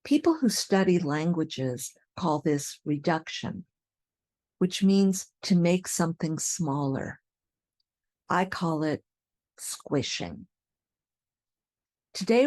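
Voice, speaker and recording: A woman teaching English, talking at a very slow, careful pace so every word lands. Her voice sits a little low, and she repeats example sentences deliberately. The sound is dry and close, with no room around it. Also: a little mellow, no room sound.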